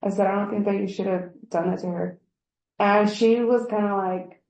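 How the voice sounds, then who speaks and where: A woman's voice: medium pitch, steady tone, normal speed, a little mellow, roomy sound, highs cut off. A woman giving a rambling account of a workplace incident in an interview, acting out what others said. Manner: rambling, acts out quoted dialogue. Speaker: employee giving a workplace statement.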